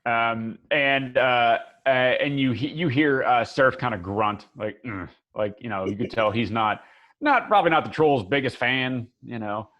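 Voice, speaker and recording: A man at medium pitch and normal speed acts as game master for a tabletop game. He rambles, using lots of fillers and starting over often. The recording is dull and lo-fi.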